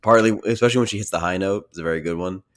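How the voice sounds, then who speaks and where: A man's voice: sits low, very fast. A young man co-hosting a casual movie podcast, dry and laughing at his own picks. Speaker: podcast co-host.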